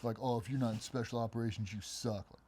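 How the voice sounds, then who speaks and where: A middle-aged man, a former special operations member, telling stories in a casual interview and acting out other people's voices in a much higher pitch. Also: slight background noise. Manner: fast, animated storytelling, acts out quoted voices much higher. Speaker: guest, former Navy SEAL.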